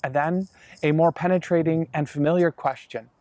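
A man's voice: a little high, steady tone, normal speed, darkish tone, dry recording, lightly acted. A man playing an earnest male disciple, speaking straight to the audience in a chatty first-person monologue. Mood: explaining. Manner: conversational, earnest, addresses listeners directly.

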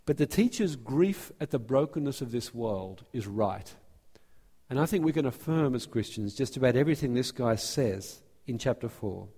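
Male pastor, mid-pitched, earnest sermon delivery with frequent restarts, long church-hall reverb. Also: warm tone, slightly rough. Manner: earnest, restarts phrases, speeds up and slows down. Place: church sanctuary.

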